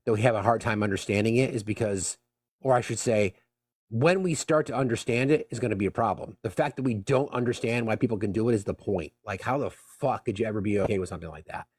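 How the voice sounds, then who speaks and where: A man hosting a live panel chat, talking earnestly with many halting restarts. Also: fairly low pitch, breathy edge, dry recording. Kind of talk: casual live-stream chat.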